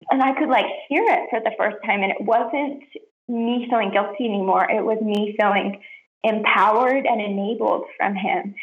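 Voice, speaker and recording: A young woman, a podcast guest, sharing a heartfelt personal testimony in an earnest, soft-spoken way with lots of "like" fillers. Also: a little high. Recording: roomy, dull lo-fi podcast audio.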